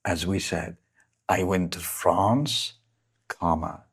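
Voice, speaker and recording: A man's voice: low-pitched, husky. A man teaching an English lesson, explaining punctuation rules carefully and reading out example sentences mark by mark. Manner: careful, deliberate, spells out each punctuation mark.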